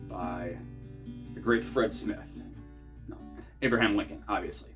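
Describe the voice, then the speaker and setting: A man's voice: fairly low pitch, measured pace, pauses often, fairly bright tone, faint music behind. A middle-aged man hosting a scripted writing lesson, with dry, self-mocking asides. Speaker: writing teacher and channel host.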